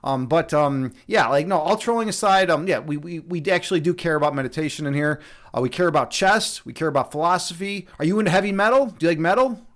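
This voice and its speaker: A young livestream host and meditation instructor talks fast in a voice on the high side, a bit bright. His casual chat with viewers is rambling, joking, and absurdist, full of fillers and restarts.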